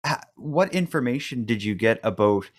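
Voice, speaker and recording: A man hosting a podcast interview, asking calm, measured questions and softly affirming his guest. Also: medium pitch.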